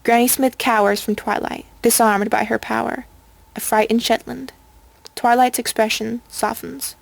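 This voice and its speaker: A woman reading a storybook aloud in an even, measured way. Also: fairly high pitch, gravelly, dry recording. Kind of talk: storybook narration.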